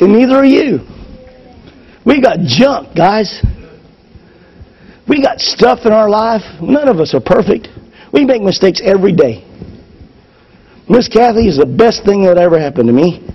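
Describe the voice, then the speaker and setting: A man preaching a sermon to his congregation, moving between loud fervor and hushed lines. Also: high-pitched, breathy edge, highs cut off. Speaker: pastor. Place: church service.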